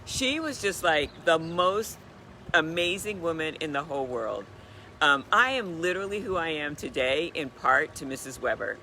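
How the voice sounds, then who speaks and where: A woman in her sixties telling a story in a chatty, animated way, giving a motivational talk on a live stream. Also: low-pitched, normal speed, slight background noise. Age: 60s. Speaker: wellness speaker.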